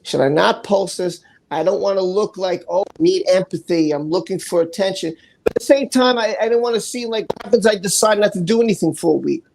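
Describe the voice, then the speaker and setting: A man's voice: sits high, a little fast, vocal fry, darkish tone, slight background noise, poor audio. A man hosting a live stream, telling a personal story in a candid, blunt way that is full of swearing. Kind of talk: casual live stream talk.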